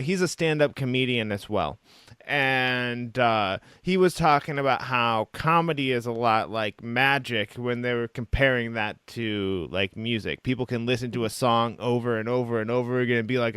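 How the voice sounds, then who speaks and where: Smooth-voiced man, dry close sound. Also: mid-range voice, moderate pace, fairly bright tone, no room sound. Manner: easygoing, affirming, conversational. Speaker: podcast host. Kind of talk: casual interview.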